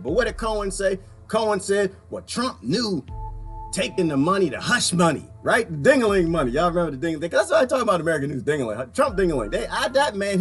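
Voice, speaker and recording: A man from Washington, D.C. giving an animated, ranting commentary, laughing often as he reacts to clips. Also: a little high. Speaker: political commentary vlogger.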